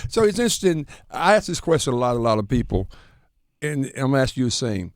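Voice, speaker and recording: A man's voice: medium pitch, sing-song, fast, dry recording, studio quality. A man co-hosting a sports talk show, chiming in often to agree with the guest. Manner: affirming, chimes in often. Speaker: radio show co-host. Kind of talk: casual chat, interviewing.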